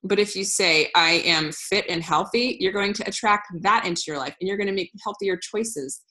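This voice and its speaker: Her voice mid-range, bright and forceful at normal speed, a woman in her thirties runs a relaxed, cheerful business training via screen share, candid and frequently starting over.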